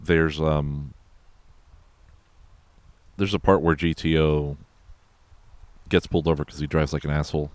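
Man, extremely low voice, profane casual movie recap host, dry close mic. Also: little pitch movement, a little slow, pauses often, darkish tone, dry recording. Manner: rambling, profane, loose and conversational. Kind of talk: casual film recap chat.

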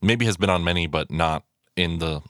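This man picks apart a film casually, his deep, low voice wandering through swearing, fillers and restarted sentences. He talks at normal speed with a fairly bright tone. It's a film commentator's dry, close recording, free of room sound.

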